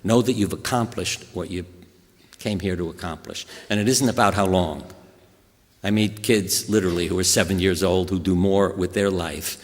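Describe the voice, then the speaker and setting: An older American man giving a talk to an audience, telling stories in an animated, anecdotal way. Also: low voice. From USA. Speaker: guest speaker. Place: hospital auditorium. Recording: echoey hall reverb.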